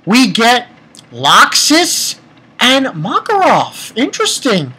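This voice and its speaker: A man's voice: extremely high pitch, huge pitch swings, takes it slowly, pushed and bright, husky, rough recording. A man giving a casual, rambling chapter review, retelling scenes and swearing offhandedly. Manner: reads character lines aloud in summary. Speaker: manga reviewer.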